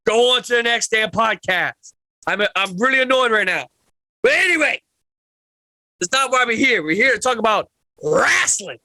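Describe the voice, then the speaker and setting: A man hosting a casual wrestling podcast, loud and profane, yelling with excitement, his throat a bit sore. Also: very high voice, normal speed, long pauses, dry recording. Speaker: podcast host.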